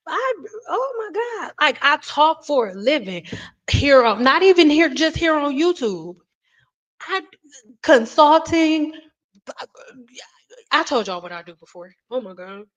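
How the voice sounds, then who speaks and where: A woman chatting live to her viewers, rambling from thought to thought and restarting sentences. Her voice sits at an ordinary middle pitch, and she keeps apologizing as she goes. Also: rough recording. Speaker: beauty vlogger and livestream host. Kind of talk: casual livestream chat.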